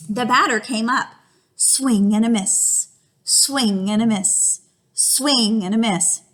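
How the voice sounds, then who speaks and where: A woman's voice: a little high, a bit bright. A young adult woman teaching a reading lesson to young children, reading aloud with exaggerated expression.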